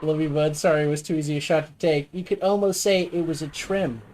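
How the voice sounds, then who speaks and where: A woman's voice: deep voice, fairly even intonation, fast talker, darkish tone, slight background noise. A woman streaming a game, chatting casually, swearing and teasing with jokes. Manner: profane, teasing, jokey. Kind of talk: casual gaming stream chat.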